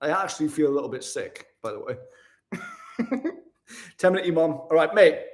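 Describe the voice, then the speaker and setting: A man's voice: on the high side, big pitch swings, normal speed. A young man live-streaming a casual vlog from a hotel room, chatting with viewers, laughing often and calling everyone mate.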